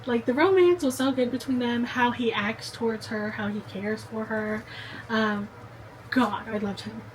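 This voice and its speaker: A woman's voice: a little high, steady tone, a little slow, slight background noise, poor audio. Chatty young woman gushing about books. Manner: chatty and gushing, talks straight to the viewer. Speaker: book vlogger. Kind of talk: casual chat to camera.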